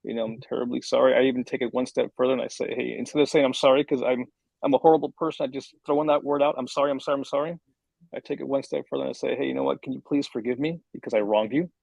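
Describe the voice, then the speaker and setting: Gravelly-voiced man praising the panel. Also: mid-range voice, steady tone, rapid-fire, a little mellow, dry recording, low-quality recording. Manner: encouraging, repeats words, then quotes himself. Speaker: psychologist panelist. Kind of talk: casual discussion.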